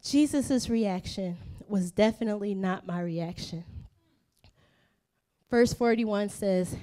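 A woman pastor preaching a sermon, animated and humorous, repeating phrases for emphasis and acting out voices of people in the story. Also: mid-range voice, takes it slowly, long pauses.

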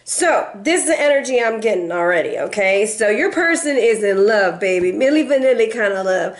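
A woman's voice: medium pitch, lively intonation, a little fast, hardly any pauses, slight background noise. A middle-aged woman giving a casual tarot reading, chatty and playful, who acts out quoted voices and breaks into snatches of song. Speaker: tarot reader and life coach.

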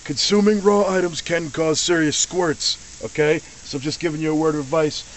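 A brash, joking man hosting a cooking show, bantering with the crew while he cooks. His voice sits a little high for a man. There is a faint hiss behind him. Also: fairly even intonation, normal speed. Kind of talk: casual cooking demonstration. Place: kitchen with grill.

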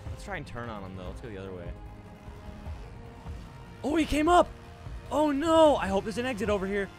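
A young man giving casual gameplay commentary as a streamer. He talks to himself, gets excited fast and yells out in bursts. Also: medium pitch. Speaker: gaming streamer. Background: background music.

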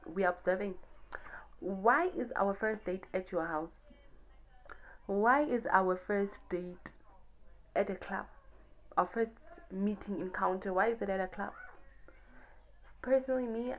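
A young woman from Namibia with a Namibian accent, giving sassy, animated dating advice to camera full of rhetorical questions. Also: mid-range voice, lo-fi sound, a little hiss or hum. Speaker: YouTuber. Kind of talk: casual advice monologue to camera.

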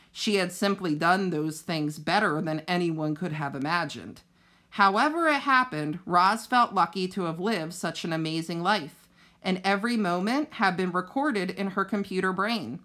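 A woman teacher reading a children's novel aloud with steady storytelling narration. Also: on the low side.

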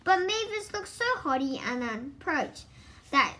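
A woman reads a story aloud with a high, bright voice. The read is halting, with frequent stumbles and misread words. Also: very animated. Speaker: reader.

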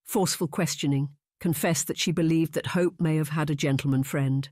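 An audiobook narrator reading a historical romance in an even, unhurried way. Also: mid-range voice, no room sound, clean studio sound. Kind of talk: scripted narration.

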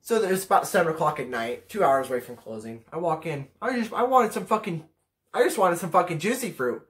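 A man's voice: fairly high pitch, expressive, a little fast. A teenage boy vlogging a casual rant to camera, ranking pet peeves in a profane, exasperated way. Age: teens.

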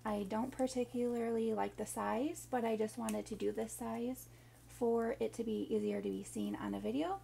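Gravelly-voiced woman vlogger, rambling. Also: a little high, steady tone, normal speed, dark tone, a little hiss or hum. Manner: rambling, emotional storytelling with many fillers. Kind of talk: casual vlog talk.

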